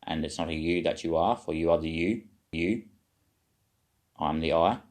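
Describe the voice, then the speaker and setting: A man with a notably low voice talks to his viewers in a wandering, circling monologue. He questions himself as he goes and drifts into spiritual musing, with casual swearing along the way. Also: normal speed, darkish tone. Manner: meandering, self-questioning, occasional swearing. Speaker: vlogger.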